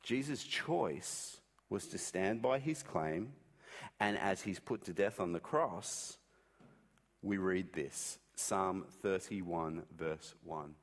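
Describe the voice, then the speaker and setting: A man preaching a sermon in a conversational way, acting out quotes with wide swings in pitch. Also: slow pace, in a large hall.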